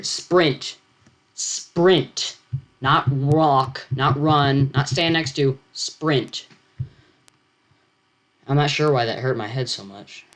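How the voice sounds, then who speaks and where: A man's voice: medium pitch, smooth. A teenage boy reading his own science fiction story aloud, stopping often to comment and explain. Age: teens. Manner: halting, self-interrupting, comments on own text.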